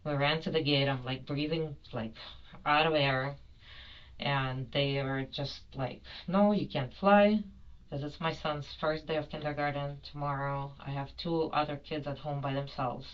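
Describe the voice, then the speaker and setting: A woman's voice: deep voice, little pitch movement, normal speed, highs cut off. A woman giving a rambling, apologetic account in a police interview, full of fillers. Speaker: detained airline passenger.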